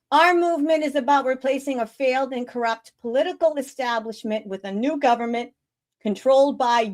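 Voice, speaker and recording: Excitable high-voiced woman host. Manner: excitable, gushing, blunt. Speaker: show host. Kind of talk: casual livestream talk.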